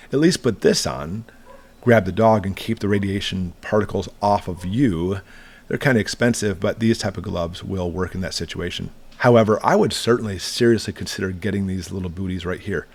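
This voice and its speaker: Prepping-channel host, man, middle-aged, lowish voice, relaxed and reassuring gear walkthrough. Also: fairly quick. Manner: conversational, plain-spoken, reassuring. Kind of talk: casual product walkthrough.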